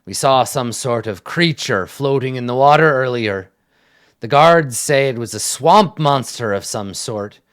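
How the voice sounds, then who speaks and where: A man voicing a huge, stern male camp leader who talks slowly and keeps getting distracted. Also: medium pitch, fairly bright tone, smooth, no room sound, studio quality, close to an everyday voice. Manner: slow, stern, easily distracted.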